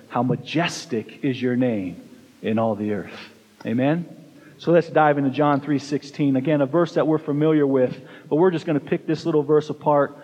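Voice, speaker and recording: Emphatic pastor preaching in a reverberant hall. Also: male voice, on the high side. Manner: emphatic preaching with rhetorical questions to the congregation; repeats and stresses single words. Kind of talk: sermon. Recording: dull lo-fi sound with long hall reverb.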